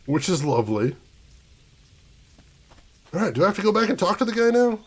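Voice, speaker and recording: This young American gaming streamer has a high, sing-song voice with a breathy edge and a brisk pace. His gameplay commentary is casual, full of playful mock rants aimed at his chat.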